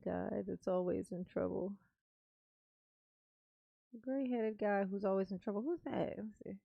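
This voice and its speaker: A woman's voice: mid-range voice, creaky, no echo, narrow, tinny audio. A woman hosting a casual live stream, reading chat aloud, playful and laughing as she muses. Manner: playful, laughing, drawn-out musing. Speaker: livestream host reading chat.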